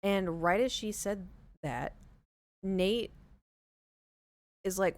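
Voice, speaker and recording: A woman's voice: mid-range voice, fairly even intonation, moderate pace, pauses often, no room sound. A young woman streaming, casually retelling a story to her chat with lots of "like" and acted-out dialogue. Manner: chatty, lots of "like" and retold dialogue; drops to a hushed voice. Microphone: headset, later taken off.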